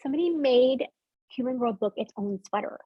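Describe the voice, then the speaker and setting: A woman's voice: high-pitched, lively intonation, brisk, husky, no echo, muffled recording. An author in a casual interview, a bubbly woman who laughs often and rambles as she talks over a video call. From United States. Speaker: author guest.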